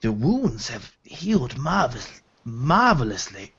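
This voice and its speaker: A man voicing a wary female hobgoblin healer who talks in a hushed, halting way, on a dull lo-fi recording. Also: medium pitch, sing-song, husky, voice pushed up, exaggerated voice. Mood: soothing hushed. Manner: hushed, halting speech in a foreign tongue.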